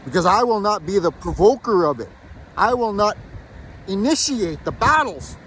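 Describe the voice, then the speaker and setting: A man's voice: high-pitched, sing-song, normal speed, fairly bright tone, a little hiss or hum. A man from Canada delivering a heated, profane, defiant rant to camera outdoors. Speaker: video blogger. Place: outdoors in a built-up area.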